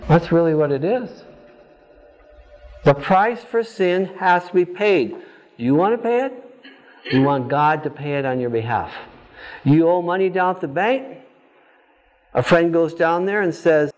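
A man's voice: on the high side, expressive, measured pace, pauses often, rough recording. A man teaching a Bible study class, firing pointed questions at his students and answering them himself.

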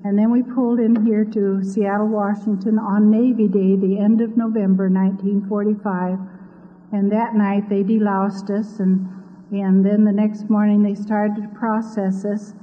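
A woman's voice: mid-range voice, level tone, normal speed. A woman from Iowa gives an earnest, devout personal testimony, telling her story. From Iowa, USA. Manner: earnest, devout, speaks openly of her faith. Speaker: speaker giving a personal testimony. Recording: tinny lo-fi audio with long hall reverb.

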